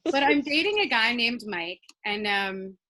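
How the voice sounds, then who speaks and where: Punchy deadpan woman doing stand-up. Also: fairly high pitch, a little slow, poor audio. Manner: punchy deadpan delivery, laughing at her own jokes. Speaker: stand-up comedian. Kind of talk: stand-up set.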